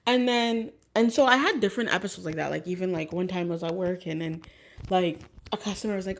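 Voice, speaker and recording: A woman's voice: fairly low pitch, quick pace, slight background noise. Woman vlogging, casual storytelling, lots of likes and ums, chatting with viewers as she goes. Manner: rambling, many fillers and restarts.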